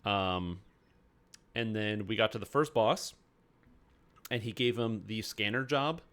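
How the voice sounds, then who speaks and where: A man's voice: lowish voice, slow pace, a bit bright. A man chatting casually on his game stream, telling a rambling story full of fillers.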